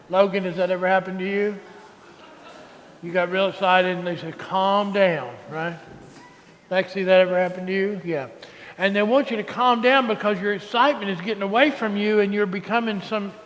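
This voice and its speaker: A priest giving a lively, coaxing children's sermon in a large church. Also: male voice, high voice. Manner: animated and coaxing, with a Southern drawl. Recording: reverberant church hall, faint ambience.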